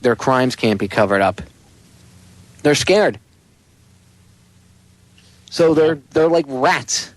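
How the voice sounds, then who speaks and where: A man's voice: mid-range voice, no room sound, low-quality recording. A man hosting a talk radio show, ranting in an emphatic, sarcastic and profane way. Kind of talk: casual talk radio chat.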